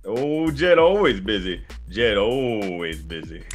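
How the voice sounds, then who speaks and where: A man's voice: on the low side, sing-song, takes it slowly, faint music behind. A man voicing a cheerful old male back-alley surgeon, jovial and folksy with chuckles.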